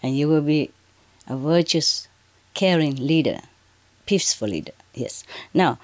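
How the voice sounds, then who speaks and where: A woman spiritual teacher addressing an audience under bright spotlights, speaking in halting, broken English with frequent "okay" and "huh". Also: sits low, animated. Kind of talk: addressing an audience from a prepared reading.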